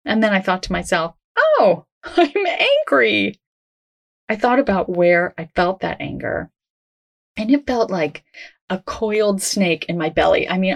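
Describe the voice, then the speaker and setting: A woman hosting a self-help podcast, talking in a gentle, reassuring, conversational way. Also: fairly low pitch. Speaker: podcast host.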